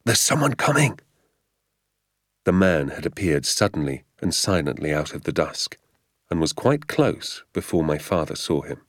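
A man narrating an audiobook in a steady, descriptive storytelling manner. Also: extremely low pitch, moderate pace, no echo, clean studio sound.

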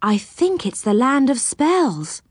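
A woman voicing a gentle fairy in a storybook, speaking softly and a little unsure. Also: sits high, sing-song, slow pace, dry recording, clean studio sound, pitched above the performer's own voice, full character voice.

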